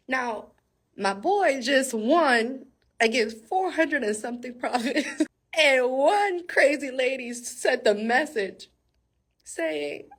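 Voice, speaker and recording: A woman preaches casually, retelling Bible stories with lots of laughter and direct questions to her viewers. Her voice sits fairly high and husky. Her pitch jumps around energetically. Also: a little slow. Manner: animated, laughs often, talks straight to viewers. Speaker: faith speaker. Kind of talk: casual Bible storytelling sermon.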